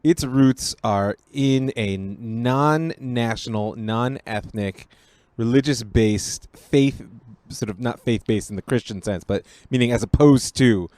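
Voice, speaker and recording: A man, a rabbi, talking on a podcast in a measured, analytical way. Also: medium pitch, darkish tone, no room sound. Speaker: rabbi co-host. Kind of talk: casual podcast conversation.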